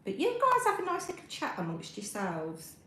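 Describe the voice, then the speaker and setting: A woman's voice: mid-range voice, wildly swooping pitch, moderate pace, pushed and bright, roomy sound, slight background noise, rough recording. A middle-aged British woman chatting on a crafting livestream while she knits, rambling with lots of ums and reading out chat messages. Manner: rambling, friendly, many ums, talks while knitting. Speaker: crafting live-streamer. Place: home room.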